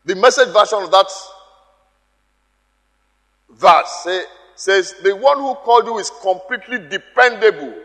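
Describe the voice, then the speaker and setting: High-voiced man preaching in an echoey hall. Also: animated, measured pace, pauses often, fairly bright tone. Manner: emphatic, repeats key phrases, calls out to the congregation. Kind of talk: sermon.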